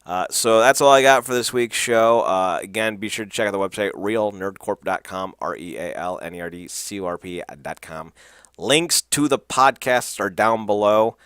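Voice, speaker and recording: A man's voice: lowish voice, moderate pace, a bit bright, clean tone, no echo, studio quality. A man hosting a podcast, recapping wrestling in a loose, profane way with lots of fillers and laughs. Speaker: podcast host.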